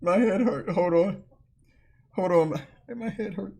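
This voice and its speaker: A woman hosting a reaction video, talking through clips with frequent laughter and loud exclamations. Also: lowish voice, a little slow, vocal fry, slightly rough. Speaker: channel host.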